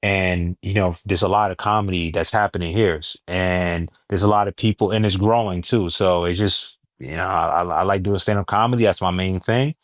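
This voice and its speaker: Young jersey guy, comedian, low voice, dry close sound, tells stories and jumps way up doing other people. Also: normal speed, few pauses, no echo. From New Jersey, USA. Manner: animated storyteller, acts out exchanges with big pitch jumps. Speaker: stand-up comedian guest. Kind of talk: casual interview chat.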